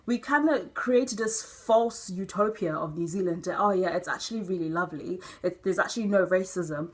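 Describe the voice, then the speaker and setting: A young woman from Nigeria living abroad, earnestly telling personal stories in a vlog monologue. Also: fairly high pitch. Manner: earnest, animated storytelling. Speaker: vlogger.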